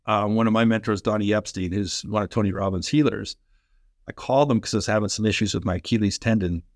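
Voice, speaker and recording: Energetic man telling stories, low voice. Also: dry recording, clean studio sound. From Canada. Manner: energetic, fast-flowing anecdotes with quoted dialogue. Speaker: guest, former pro hockey player and coach. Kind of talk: animated storytelling in a podcast interview.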